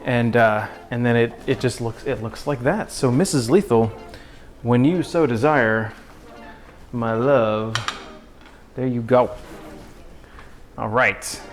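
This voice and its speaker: A man's voice: mid-range voice, slow pace, long pauses, soft background music. A man hosting a casual cooking livestream from his home kitchen, joking with chat and his pets as he cooks. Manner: goofy, jokey, talks to chat and pets while cooking.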